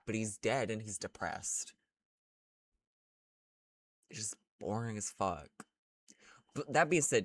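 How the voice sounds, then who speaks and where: A man's voice: medium pitch, fairly bright tone, dry recording. A young man chatting casually in a rambling, crude, gushing way as he ranks characters. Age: young adult. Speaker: vlogger. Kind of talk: casual ranking chat.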